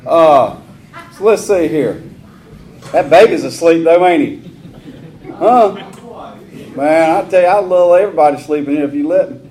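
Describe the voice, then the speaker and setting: A man in his forties with a Southern US accent, speaking at a recovery meeting in a folksy, rambling way with rough humor. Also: on the high side, lively intonation, measured pace, long pauses, mellow. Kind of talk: personal recovery talk.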